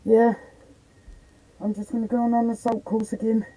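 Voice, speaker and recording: A woman's voice: on the high side, level tone, normal speed, warm tone, rough recording. A woman chatting bluntly and casually on a live stream from the attic of an old house as a paranormal investigator.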